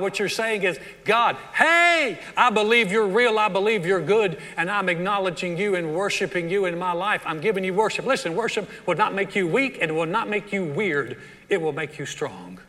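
A middle-aged man preaching a sermon as pastor, animated and acting out the voices of churchgoers. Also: fairly high pitch. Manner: animated preaching that acts out quoted voices of the congregation. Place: large church hall. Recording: long hall reverb.

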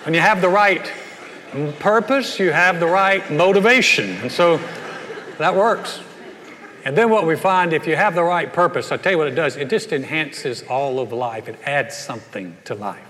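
Folksy pastor preaching in a reverberant hall. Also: male voice, fairly high pitch, moderate pace, slight background noise. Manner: folksy storytelling, animated punchlines. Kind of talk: sermon.

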